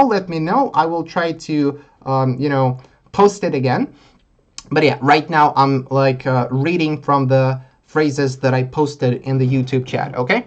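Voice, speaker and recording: A man teaching English in a live online lesson, explaining phrases in an easygoing way with many fillers. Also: mid-range voice.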